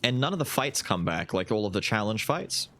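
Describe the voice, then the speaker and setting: A man's voice: lowish voice, fairly quick. A man streaming a video game live, casually commentating, swearing and yelping as fights break out. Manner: excitable, swears, yelps during fights.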